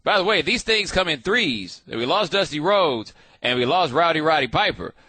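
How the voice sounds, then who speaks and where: A man hosting a sports talk show, riffing in a casual, animated way with frequent restarts. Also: a little high, moderate pace, slightly rough, no echo.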